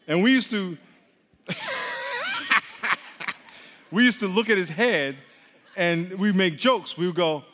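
A man preaching a sermon to his congregation in a casual, conversational way, joking with the crowd and swinging between quiet and loud. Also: high voice, moderate pace, a little hiss or hum. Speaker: pastor. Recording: long hall reverb.

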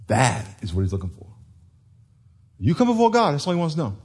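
Husky, lively male preacher. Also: on the high side, fairly quick, pauses often. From United States. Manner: animated, laughing storyteller acting out voices. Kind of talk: sermon.

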